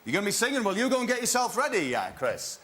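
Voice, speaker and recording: A man hosting a comic game show with deadpan, absurd quips before a live studio audience. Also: sits high, fast.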